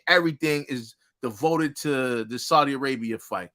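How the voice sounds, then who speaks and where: A man's voice: medium pitch, a little fast, bright, forceful tone. An American man co-hosting a boxing talk show, giving his candid opinion in a laid-back casual chat.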